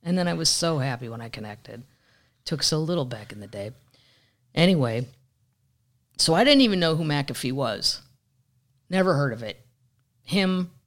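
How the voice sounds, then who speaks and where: A woman comedian talks through a story in a loose, rambling chat. She is animated and slangy, with plenty of asides. Now and then she drops into silly impressions. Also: very deep voice. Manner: chatty, rambling with fillers and slang. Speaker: comedian podcast host.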